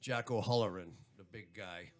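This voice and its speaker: A man's voice: lowish voice, normal speed. A man hosting a radio talk show, rambling with fillers and switching to an announcer tone for the call-in number. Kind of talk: casual radio chat. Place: radio studio.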